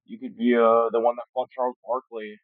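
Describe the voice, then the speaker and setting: A man's voice: mid-range voice, flat delivery, brisk, no room sound. A man hosting his channel in a casual, rambling way, full of joking asides and stumbles, tired from filming late at night. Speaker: channel host. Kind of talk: casual commentary on a fan game roster. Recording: tinny phone-like dry mic.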